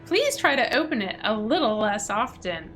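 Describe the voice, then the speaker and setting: Woman doing a haughty elf lady, snobby, disdainful, higher voice. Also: big pitch swings, normal speed, a bit bright, faint music behind. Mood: scornful.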